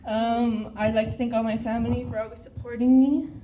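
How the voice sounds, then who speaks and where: A woman's voice: a little high, little pitch movement, brisk, lo-fi sound, a little hiss or hum. Nervous teenage Texan girl, tearful. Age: teens. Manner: nervous, tearful, laughing between words. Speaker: graduating cheer captain. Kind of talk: emotional thank-you speech. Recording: echoey room.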